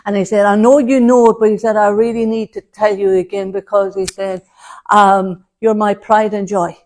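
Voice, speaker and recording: A woman with a mid-range voice, level tone and normal speed performs a mediumship demonstration for an audience in a spiritualist centre hall. She chats as she relays messages in quoted form, using endearments like love and darling.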